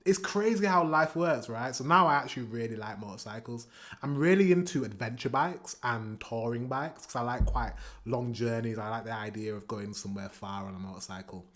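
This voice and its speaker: A man, chatting casually as a reaction video host, animated and scatting rhythms aloud. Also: medium pitch, brisk. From England. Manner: chatty and animated, scats beats with da da da. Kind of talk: casual music reaction commentary.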